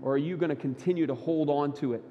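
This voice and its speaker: A high-voiced man preaching a sermon, his words ringing through a reverberant church hall with faint music playing underneath. He swings between loud, emphatic bursts and hushed, low lines. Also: quick pace, lo-fi sound. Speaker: pastor. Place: church sanctuary.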